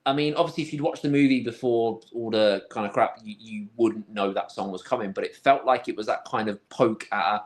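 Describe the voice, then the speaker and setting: A man's voice: lowish voice, a little fast, few pauses. A man co-hosting a casual film podcast, rambling with many restarts and a dry sense of humour. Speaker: podcast co-host.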